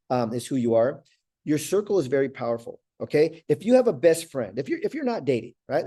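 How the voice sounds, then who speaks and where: A middle-aged life coach with a medium-pitched, warm voice gives an earnest motivational talk. He often repeats words and checks in with "right?"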